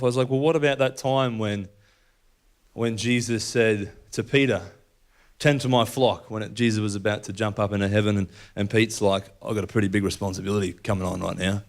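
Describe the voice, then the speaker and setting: A young man giving a personal faith talk to an audience, telling stories and acting out the dialogue in a conversational way. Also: mid-range voice. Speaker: speaker at a faith event.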